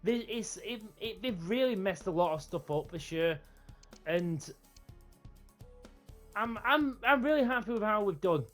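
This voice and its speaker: A gaming YouTuber talks over his own football match, shouting his reactions at the game. He rambles and restarts his sentences as he goes. Faint game music plays underneath. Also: sits high, expressive, a little slow, long pauses. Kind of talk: live gameplay commentary and wrap-up chat.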